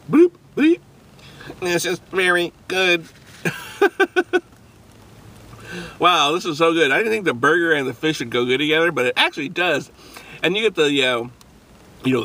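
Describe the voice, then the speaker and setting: Upbeat bright-voiced man reviewing food. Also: a little high, fast talker. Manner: rambling, upbeat, laughs often. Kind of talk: casual food review vlog.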